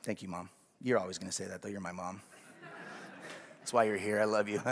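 A man's voice: fairly low pitch, fairly even intonation, a little fast. A man preaching a sermon as pastor, speaking conversationally and often checking whether the congregation is following.

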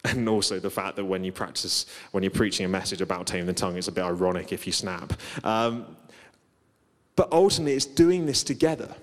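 A man's voice: low-pitched, brisk. A man preaching a sermon, telling personal stories in a conversational, self-deprecating way. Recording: long reverb of a large hall.

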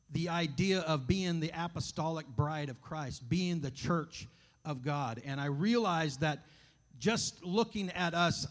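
A man preaches in a church sanctuary, his voice sitting a little high for a man. He reads scripture, prays, and tells stories in an earnest, folksy, conversational manner. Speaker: guest preacher. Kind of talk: sermon with scripture reading, prayer and storytelling.

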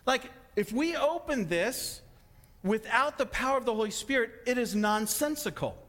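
A man preaching a sermon as a pastor, fast and excitable, slipping into playful acted-out asides. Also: extremely high pitch. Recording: long hall reverb.

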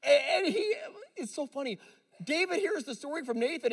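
A man with a high voice preaches a sermon as a pastor. He tells the story as if chatting with his audience, but swings from quiet asides to loud, emphatic points. The sound rings with the long reverb of a large hall. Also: a little fast.

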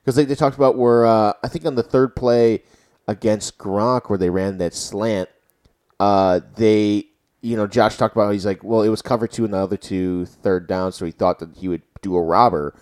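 Excitable young man in sports banter. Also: on the low side, moderate pace. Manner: excitable, swears and yells when reliving plays. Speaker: podcast co-host. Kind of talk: casual sports chat.

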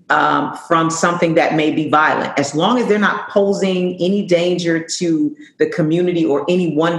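Woman police chief on a panel, earnest and emphatic, roomy echo. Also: low-pitched. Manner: earnest, emphatic, repeats words while thinking. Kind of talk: panel discussion answer.

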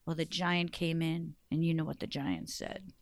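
Lively woman storyteller, dry sound. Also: deep voice, moderate pace, no room sound. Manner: lively, animated narration. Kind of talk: live storytelling for children.

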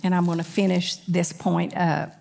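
In a fairly low voice with vocal fry and a flat delivery, a woman preaches a sermon. She swings from loud, emphatic preaching to rapid conversational asides and regularly poses questions to the congregation.

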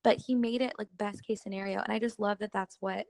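A woman's voice: medium pitch, fairly even intonation, fast talker, vocal fry, darkish tone, slight background noise. A young woman co-hosting a faith podcast, talking in an earnest, chatty way full of "like". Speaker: podcast co-host. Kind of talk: casual faith podcast chat.

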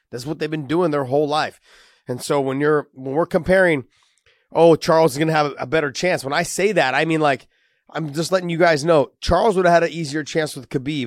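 A man with a cold and a raspy voice, breaking down fights in a casual, emphatic way, often restarting his sentences. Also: fairly high pitch, dry recording, studio quality. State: has a cold, raspy voice and coughing. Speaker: co-host, fighter analyst.

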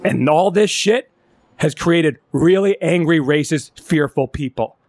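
A man's voice: fairly high pitch, unhurried, darkish tone, no room sound. Impassioned man ranting with profanity. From California. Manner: impassioned, profane, restarts a lot when upset. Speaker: podcast co-host. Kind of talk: casual chat.

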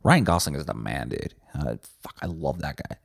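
Gravelly, profane podcast ranter. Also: male voice, a bass voice, expressive, moderate pace, no echo, studio quality. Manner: profane, blunt, sarcastic. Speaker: podcast host. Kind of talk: solo podcast rant.

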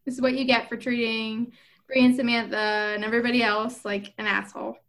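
A woman's voice: a little high, brisk. A woman chatting casually, retelling a book plot and acting out the characters' lines with lots of "like". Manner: animated storyteller, voices characters with filler "like". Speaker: podcast co-host retelling a book. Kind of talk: casual chat, retelling a story with quoted voices.

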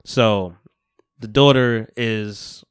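A man hosting a podcast speaks very slowly in a fairly low, clean voice. He casually walks through a TV episode, laughing frequently and acting out lines as he tells it.

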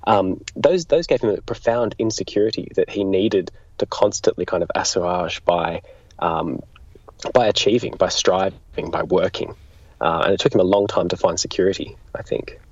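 A man's voice: low-pitched, normal speed, darkish tone, husky, no room sound. A man being interviewed as a political biographer, explaining thoughtfully and often restarting his sentences. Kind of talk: conversational history interview. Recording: dull lo-fi sound.

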